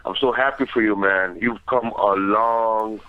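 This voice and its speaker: A man's voice: on the low side, steady tone, unhurried. Laid-back man on a tinny phone line. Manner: laid-back, says man and bro a lot. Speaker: comedian calling in. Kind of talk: casual phone-in chat.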